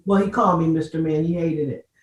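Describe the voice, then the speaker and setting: A woman's voice: sits low, steady tone, fast. An older woman guest in a casual panel chat, speaking firmly and emphatically as she tells stories from her own life. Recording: roomy sound, distant from the mic.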